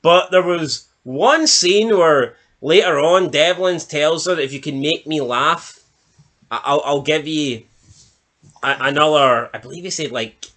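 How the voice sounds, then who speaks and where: Man, bright forceful voice, slightly high, casual TV review chat, rambling recap. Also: a little slow. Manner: rambling, loose recap with restarts and swearing. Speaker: film and TV reviewer.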